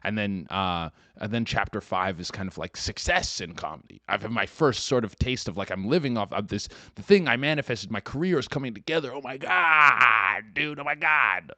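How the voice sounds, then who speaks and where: A man's voice: fairly low pitch, fairly quick, hardly any pauses, dry recording. A young man hosting a podcast, riffing through a profane, rambling comedic monologue. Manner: profane, rambling and animated, slips into mocking voices. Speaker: podcast host.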